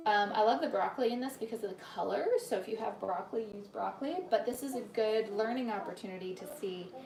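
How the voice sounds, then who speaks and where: A woman hosts a live cooking demonstration from her home kitchen, chatting easily and greeting viewers by name between steps. She often trails off and restarts her sentences. The room is echoey, with steady noise behind her. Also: fairly high pitch, recorded from a distance. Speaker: cooking demo host and cookbook author.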